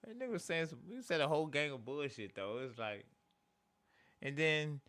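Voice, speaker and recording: A man's voice: fairly high pitch, lively intonation, a little fast, a bit bright. Rambling American man reacting on stream. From United States. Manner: loose, rambling, heavy filler "like" and "bro". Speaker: streamer reacting to rap videos. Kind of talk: casual reaction commentary.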